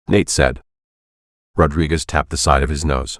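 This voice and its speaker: A man narrating an audiobook in a steady, even reading voice on a close mic. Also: a bass voice, moderate pace, pauses often, dry recording. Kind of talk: scripted narration.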